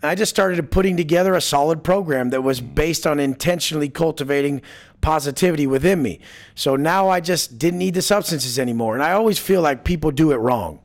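A man's voice: on the high side, brisk. A man as an interview guest, telling stories bluntly with heavy swearing and acting out quoted lines. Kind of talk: casual storytelling interview.

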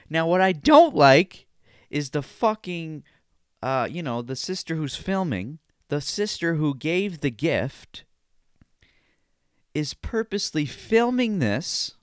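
Male podcast host, exasperated profane rant, slow deliberate delivery, clear dry close mic. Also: on the high side, big pitch swings, no room sound. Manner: profane, exasperated ranting with mocking voices. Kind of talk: ranting commentary on a video.

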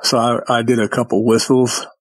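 Husky-voiced man telling stories. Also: medium pitch, moderate pace, dry recording. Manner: animated storyteller who acts out quoted dialogue; folksy, rambling phrasing. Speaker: podcast guest. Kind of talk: telling personal encounter stories.

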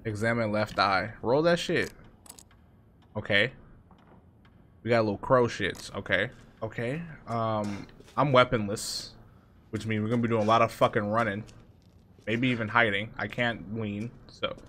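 A man's voice: on the low side, steady tone, a little slow, pauses often, fairly bright tone, a little hiss or hum. A man commentating a horror game playthrough, cursing, joking and talking back to the game. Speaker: gaming streamer. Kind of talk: let's play commentary.

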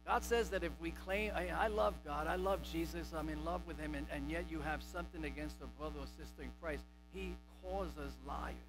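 A man's voice: on the high side, steady tone, a little fast, hardly any pauses, over music, rough recording. A male pastor preaching a sermon emphatically, repeating and stressing key words. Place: church sanctuary.

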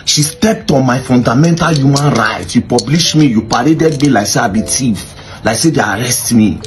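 A Nigerian man excitedly recounting events, mixing in Pidgin and acting out what others said. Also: medium pitch, normal speed, over music. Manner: excitable, mimics others' voices. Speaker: social media commentator recounting events. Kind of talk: animated storytelling in Pidgin-mixed English.

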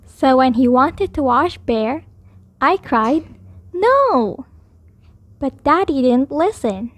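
A woman reading a children's picture book aloud in slow, clear, expressive storytelling. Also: sits high, dry recording. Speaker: storybook reader.

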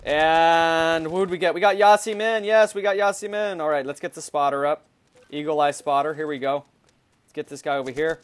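High-voiced man yelling over gameplay. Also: steady tone, moderate pace. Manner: frustrated, yelling outbursts. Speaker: gaming channel host. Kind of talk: live gameplay commentary.

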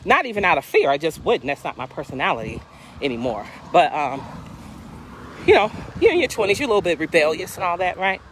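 Animated woman in her fifties telling a story. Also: on the low side, quick pace, slight background noise. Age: 50s. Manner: animated, acts out dialogue in voices. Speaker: life coach and inspirational speaker. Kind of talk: casual storytelling testimony.

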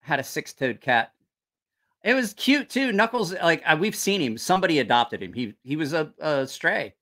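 Man chatting on a live stream, rambling and profane, animated pitch, slightly high voice. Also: normal speed. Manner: rambling, profane, loses his train of thought. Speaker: knife channel livestream host. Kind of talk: casual livestream chat.

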